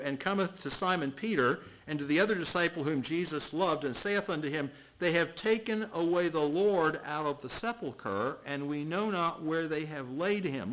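A middle-aged man preaching with a fairly high voice. He reads scripture aloud and stumbles over repeated words. He pushes some phrases loud and drops others to a near hush. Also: poor audio. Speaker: pastor. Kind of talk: expository sermon.

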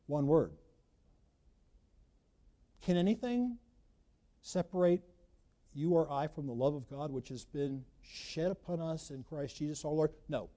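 A man preaching a sermon, emphatic, swinging between loud bursts and quiet asides. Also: on the high side, measured pace, pauses often. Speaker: pastor.

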